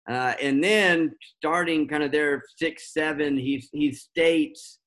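A man's voice: a little high, steady tone, a little slow, hardly any pauses, fairly bright tone. A man preaching a sermon, talking unscripted with many fillers and restarts.

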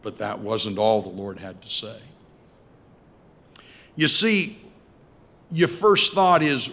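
A male preacher telling a story in a sermon, swinging between loud emphasis and hushed tones. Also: lowish voice, animated, slow pace, long pauses.

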